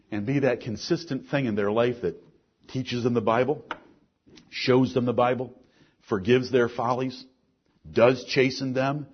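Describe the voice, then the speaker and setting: A middle-aged man preaching a sermon, earnest, moving between soft asides and forceful lines. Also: mid-range voice, breathy edge, dull audio.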